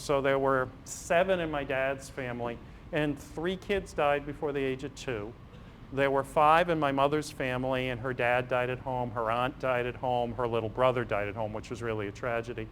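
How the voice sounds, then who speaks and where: This middle-aged man is a priest and physician from Massachusetts, USA, giving a storytelling parish-hall talk full of humorously acted dialogues. His voice is mid-range and his speed normal, and a faint hiss or hum can be heard.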